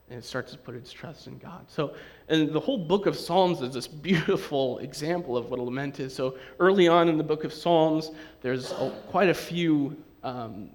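Lively man preaching a sermon. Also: fairly high pitch. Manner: lively, conversational preaching with acted-out quotes. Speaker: pastor.

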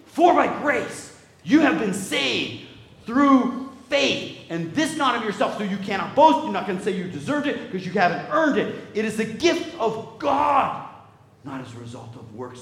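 Brief: male pastor mid-sermon, lively and chatty, high voice, reverberant church room. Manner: animated preaching with sudden loud jumps and quiet drops; conversational, checks in with "right?" and "okay?".

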